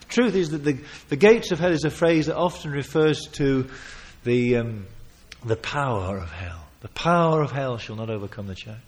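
Man preaching with loud emphatic swells. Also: mid-range voice, normal speed, hardly any pauses. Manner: emphatic, with sudden loud swells and quiet asides; chuckles while telling stories. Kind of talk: sermon.

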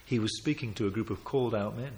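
Man, preacher, sermon, emphatic, loud swells, quiet asides, chuckling. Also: fairly low pitch, quick pace. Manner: chuckles while telling stories.

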